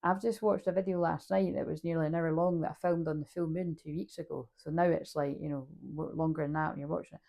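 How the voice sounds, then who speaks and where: Rambling, gravelly-voiced woman. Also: low-pitched, steady tone, fast, few pauses, warm tone. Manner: rambling, swears casually, laughs at herself. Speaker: spiritual reader. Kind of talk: casual oracle card reading.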